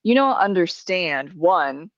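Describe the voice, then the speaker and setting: Lady hosting a podcast, kinda low voice, laughy and sweary, dead dry muffled sound. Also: animated, slow, dry recording. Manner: chatty, laughs often, swears freely. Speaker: podcast host. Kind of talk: casual podcast chat.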